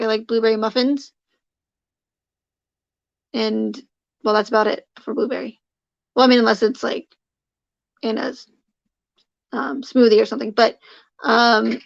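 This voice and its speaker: A woman with a fairly high but flat voice and a lot of gravelly fry, chatting casually to her live stream viewers. She rambles, restarts her sentences and leans on fillers. The audio is dull and lo-fi. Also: no room sound. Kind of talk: casual livestream chat to viewers.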